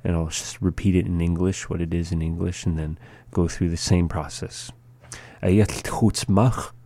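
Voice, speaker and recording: A man teaching a language lesson, saying each word and then repeating it slowly and patiently for practice. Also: low-pitched, little pitch movement, vocal fry, dark tone, no room sound. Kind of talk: slow spoken language lesson.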